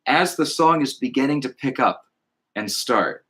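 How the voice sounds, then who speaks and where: A man in casual conversation about music, reflective and thoughtful, sometimes slowing to recite lyrics in a measured cadence. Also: medium pitch, animated, fairly bright tone. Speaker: podcast co-host.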